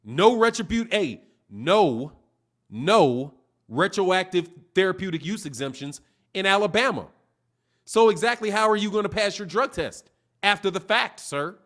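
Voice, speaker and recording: High-voiced man ranting about boxing. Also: animated, unhurried, fairly bright tone. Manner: profane, slangy, mocking, laughs often. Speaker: boxing channel host. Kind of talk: casual livestream rant.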